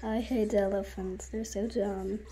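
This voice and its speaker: A woman's voice: medium pitch, little pitch movement, a little slow, dark tone, faint music behind. A woman streaming a game, chatting in a silly, contrary, sing-song teasing way. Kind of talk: playful game commentary.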